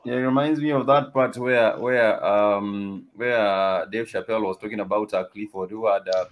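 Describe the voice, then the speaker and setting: Low-voiced easygoing male host. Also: fairly even intonation, moderate pace, highs cut off. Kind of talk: casual chat.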